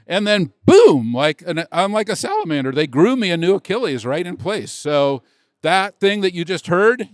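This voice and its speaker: Excitable middle-aged man telling stories on stage. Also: high-pitched, normal speed, no room sound, studio quality. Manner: excitable, acts out dialogue, rambling asides. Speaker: tech executive guest. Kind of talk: animated storytelling on stage. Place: conference stage before an audience.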